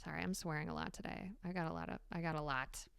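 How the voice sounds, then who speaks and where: A woman hosting a solo podcast, talking candidly and swearing freely with animated emphasis. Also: sits low, fast talker, creaky, smooth, no room sound. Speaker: podcast host. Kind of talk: casual solo podcast monologue.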